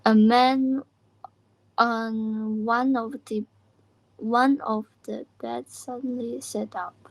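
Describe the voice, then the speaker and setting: A woman in a language lesson, hesitantly repeating lines after her coach with halting restarts. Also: a little high, fairly even intonation, no room sound, poor audio. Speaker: language student.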